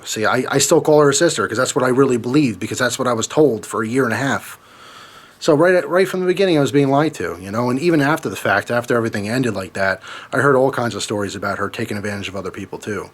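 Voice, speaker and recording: A young man talks straight to his audience in a loose storytime vlog. His voice sits at an ordinary middle pitch, and he rambles, swears freely and keeps restarting his sentences. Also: quick pace. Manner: rambling, profane, with frequent fillers and restarts. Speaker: vlogger. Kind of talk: casual storytime monologue.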